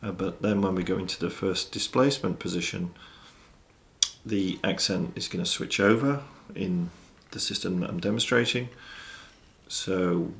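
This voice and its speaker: Low, gravelly drum teacher. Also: male voice, steady tone, a bit bright. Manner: measured, methodical, counting out stickings. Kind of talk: instructional explanation. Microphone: studio mic with monitor system.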